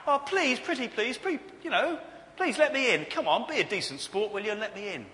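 A man's voice: extremely high pitch, expressive, a little fast, pushed and bright, big-room sound, pitched above the performer's own voice, heavily acted. A man putting on a whiny, begging latecomer. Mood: pleading. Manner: whiny, wheedling pleading. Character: desperate man begging at heaven's door.

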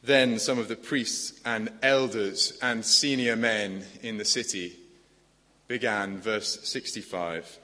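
A man preaches with a fairly low voice. He is earnest and conversational and keeps asking his listeners rhetorical questions. His voice carries a long, echoing church reverb. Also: fairly even intonation, slow pace, sharp tone. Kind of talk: sermon.

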